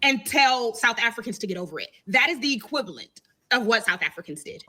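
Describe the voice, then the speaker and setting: A woman's voice: fairly high pitch, lively intonation, brisk, sharp tone. A woman giving an opinion commentary in an assertive, explanatory way.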